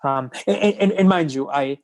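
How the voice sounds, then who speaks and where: A man's voice: on the high side, moderate pace, darkish tone. Earnest male podcast guest. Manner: earnest and repetitive, restarting phrases, building to points. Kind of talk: casual podcast conversation.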